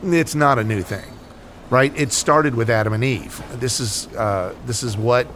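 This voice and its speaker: A man's voice: mid-range voice, unhurried, a bit bright, a little hiss or hum. A man from the United States co-hosting a casual Catholic talk, explaining earnestly with many fillers and repeated "right?". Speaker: Catholic podcast co-host. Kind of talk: casual faith discussion.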